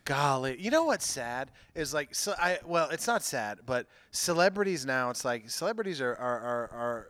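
A man hosting a casual, crude chat with friends, rambling and laughing loudly as he jokes. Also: medium pitch, sing-song, moderate pace, few pauses, no room sound. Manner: rambling, laughing, loud bursts of joking.

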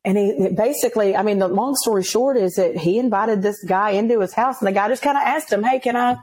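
A woman who works as a police officer, telling a story in a casual, animated way, laughing and acting out voices as she goes. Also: medium pitch, a little fast, low-quality recording.

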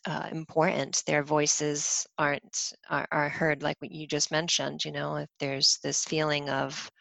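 Low gravelly woman, rambling chat. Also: a bit bright, dry recording, poor audio. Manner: rambling, with many fillers and restarts. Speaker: podcast guest. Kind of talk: casual conversation.

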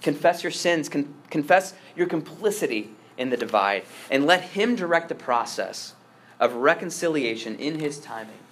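Preaching a sermon, a priest speaks earnestly and emphatically, restarting phrases with repeated words and swinging between heavy stresses and hushed asides. His voice sits on the high side, animated, at a moderate pace.

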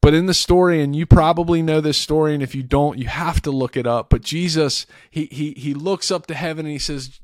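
A man's voice: on the high side, fairly even intonation, fairly quick, hardly any pauses, dry recording, clean studio sound. A man hosting a podcast, earnestly retelling a scripture story in a casual way, often repeating and restarting words. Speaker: podcast host. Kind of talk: faith talk, retelling scripture.

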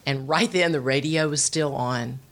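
Brief: middle-aged woman, low voice, lively storytelling testimony. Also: normal speed. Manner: animated storytelling with voiced quotes. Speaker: speaker sharing testimony. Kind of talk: personal testimony talk.

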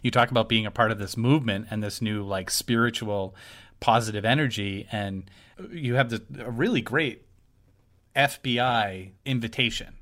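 A man's voice: on the low side, normal speed, a bit bright. A man co-hosting a podcast, talking casually and rambling as he searches for words. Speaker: podcast co-host. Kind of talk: casual discussion.

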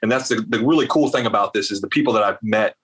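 A man's voice: on the low side, fast talker, slightly rough. A man from South Carolina, a guest in an interview, telling a long story with lots of fillers and asides. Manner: rambling, animated storyteller with many fillers. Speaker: veterans advocate guest.

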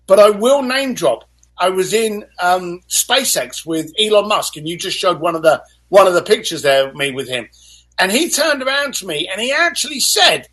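A man's voice: high voice, normal speed. A man speaking as a guest in an interview, telling motivational stories energetically and acting out other people's lines. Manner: animated storyteller, acts out voices. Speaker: guest author.

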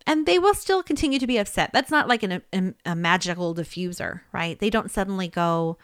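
Woman talking through tips like a coach, relaxed and chatty, laughs here and there, dry sound. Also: medium pitch, brisk, smooth, no room sound. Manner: conversational, checks in with "okay?" and "right?", laughs easily. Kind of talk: spoken advice lesson.

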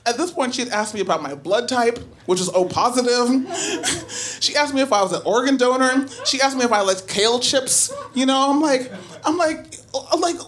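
A woman telling a true story on stage, chatty and animated, full of asides and filler words. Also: on the high side, moderate pace. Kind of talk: live first-person storytelling.

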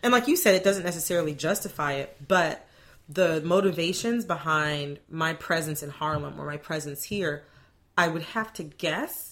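A young woman speaks with a lowish voice in animated, friendly conversation. She talks readily and laughs easily. The talk is loose and unscripted. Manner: animated, chatty, quick to laugh. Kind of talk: casual conversation.

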